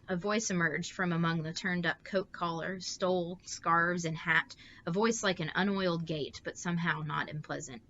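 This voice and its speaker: A woman reads a bedtime story aloud, steady and expressive. Her voice sits a little low yet sounds bright. The audio is slightly dull, with a faint hiss behind it. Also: moderate pace, few pauses.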